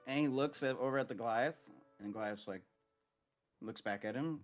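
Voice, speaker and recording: A man's voice: mid-range voice, animated, fast talker, soft background music. A man narrating a tabletop game as game master, rambling casually with lots of fillers.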